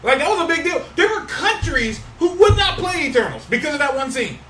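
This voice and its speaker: A man with a high, lively, bright voice chats casually and emphatically. He repeats his points for effect. The sound is distant and echoey, with faint hiss behind it. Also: a little fast. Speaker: podcast co-host. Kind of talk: casual chat. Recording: roomy, distant mic with faint noise.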